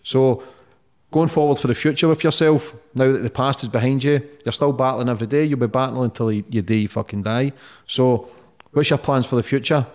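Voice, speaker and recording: A man hosting a podcast, talking bluntly and warmly, swearing freely as he praises his guest. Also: mid-range voice, fairly quick. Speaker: podcast host. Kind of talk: casual interview chat.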